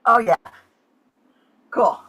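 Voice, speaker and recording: A woman's voice: very slow, a bit bright. A woman improviser on a video call, hesitant and thinking aloud.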